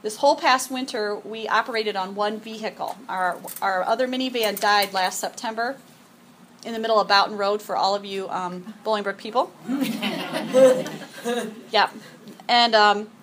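A middle-aged woman giving a devotional talk to a group, animated and chatty, often acting out her own yelling and sprinkling in "okay" and "um". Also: medium pitch, unhurried, pauses often, a little hiss or hum. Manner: frequent "okay" and "um". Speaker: women's event speaker.

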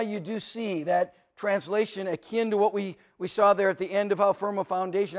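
A man's voice: sits high, steady tone, moderate pace, few pauses. A male pastor preaching a sermon in an earnest, emphatic way, often repeating his first words as he restarts a phrase.

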